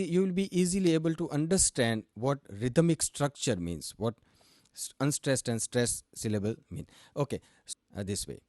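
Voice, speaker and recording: Indian male teacher, young adult, lively pitch, dry close sound, explains step by step. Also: no echo. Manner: explains step by step, asks and answers own questions; switches between English and Hindi. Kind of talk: explanatory lesson.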